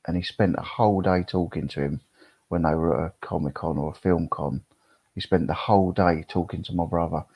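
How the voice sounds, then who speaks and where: Deep gravelly man chatting on a live stream. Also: no room sound. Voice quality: gravelly, husky. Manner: rambling, reads chat comments aloud. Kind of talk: casual live-stream chat. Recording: dull, lo-fi sound.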